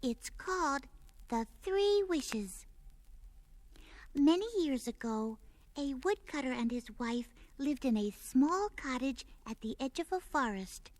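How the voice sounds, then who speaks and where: Brief: earnest little girl storyteller, high, slow, dry. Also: animated, dry recording. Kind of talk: children's story reading.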